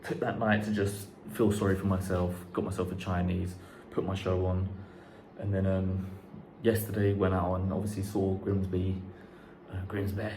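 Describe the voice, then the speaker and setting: A man's voice: low-pitched, little pitch movement, moderate pace, a little mellow. A young man chatting casually to camera, rambling and swearing now and then, in an unfinished house. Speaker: vlogger. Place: unfinished house under renovation, indoors. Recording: echoey empty room, faint background noise.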